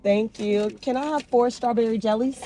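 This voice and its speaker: A young woman speaks at a normal speed in a voice on the high side, vlogging from her car on a drive-thru run. Animated, emotional and chatty, she calls her viewers y'all as vehicle noise plays in the background.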